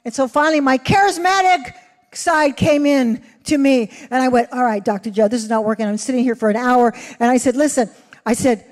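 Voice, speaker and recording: A woman's voice: sits high, brisk. A woman preacher giving a testimony in sermon style, acting out the voices of the people in her story. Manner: animated, acts out dialogue. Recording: reverberant hall.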